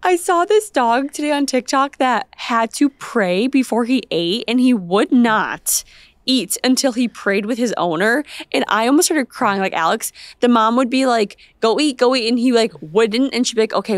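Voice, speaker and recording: Young woman co-host, slightly high voice, gushing and bubbly, dry close mic. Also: lively intonation, normal speed, no room sound. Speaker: podcast co-host. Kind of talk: casual chat.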